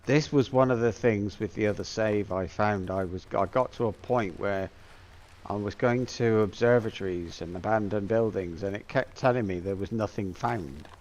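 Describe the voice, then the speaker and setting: A man's voice: on the low side, normal speed, darkish tone, highs cut off. A middle-aged man from Plymouth, England, chatting casually over his gameplay and musing aloud with many fillers. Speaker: gameplay streamer.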